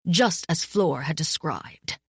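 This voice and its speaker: A woman voicing an old bearded male mentor who speaks firmly and gently, low and slow. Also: animated, slightly rough, no room sound, studio quality, full character voice. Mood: grave. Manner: firm, quietly sorrowful.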